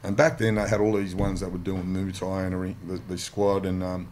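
Low-voiced blunt Australian man. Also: level tone, quick pace, darkish tone, a little hiss or hum. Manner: blunt and profane, rambling with restarts. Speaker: podcast guest. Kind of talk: casual storytelling.

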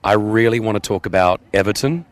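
A man's voice: lowish voice, a little fast. A man hosting a breakfast radio show, telling brash stories and teasing his co-hosts. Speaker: radio host. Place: outdoor broadcast at a museum.

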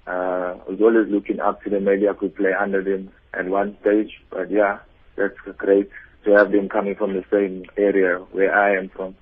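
Husky man on a phone line. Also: low-pitched, completely flat delivery, normal speed. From South Africa. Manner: short, plain answers. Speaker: footballer interviewed by phone. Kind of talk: phone interview. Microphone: telephone.

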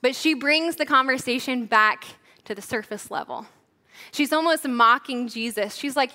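Young woman preaching, kinda chatty, says like a lot, bright higher voice. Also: measured pace. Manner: casual, chatty, says "like" often. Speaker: church leader preaching. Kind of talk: conversational sermon.

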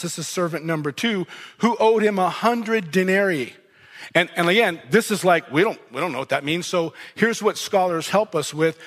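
High-voiced pastor preaching in a reverberant hall. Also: male voice, a bit bright. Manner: conversational preaching, reads scripture aloud and comments on it. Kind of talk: sermon. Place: church hall.

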